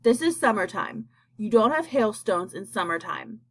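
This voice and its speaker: A woman voicing a boastful, rude male centipede who scoffs and yells insults. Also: mid-range voice, big pitch swings, normal speed, no room sound. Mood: scoffing. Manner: loud, mocking, yelling insults.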